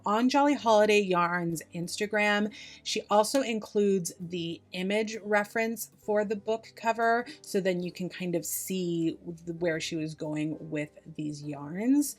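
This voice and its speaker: A young woman hosting a casual yarn unboxing review, gushing with enthusiasm and exclaiming over every item. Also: medium pitch. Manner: gushing, enthusiastic, repeats "oh my gosh". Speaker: yarn channel host.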